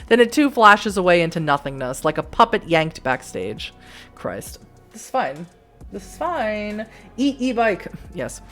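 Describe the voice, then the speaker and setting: A woman's voice: lowish voice, a bit bright. A woman streaming a story game, reading its narration aloud and reacting with casual, wry asides. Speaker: let's play streamer.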